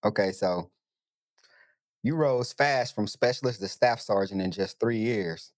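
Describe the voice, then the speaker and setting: A male podcast host asking brief, measured interview questions. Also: lowish voice, no echo, studio quality.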